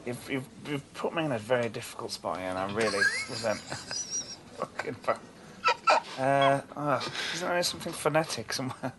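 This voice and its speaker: A man's voice: mid-range voice, moderate pace, noisy background. A man playing a comedy tabletop game, flustered and protesting with laughter. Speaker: podcast co-host, player.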